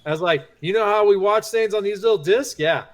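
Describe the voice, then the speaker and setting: A middle-aged man with a somewhat raised pitch, co-hosting a podcast. He spins relaxed, chatty anecdotes and keeps the conversation moving. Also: fairly quick. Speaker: podcast co-host. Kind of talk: casual chat.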